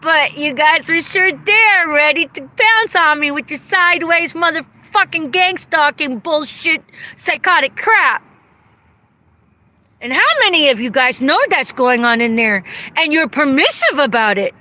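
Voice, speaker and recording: A vlogger with a high, expressive voice and a sharp edge speaks a little slowly as she rants angrily and profanely on a livestream. She talks into her phone while standing outside in the cold.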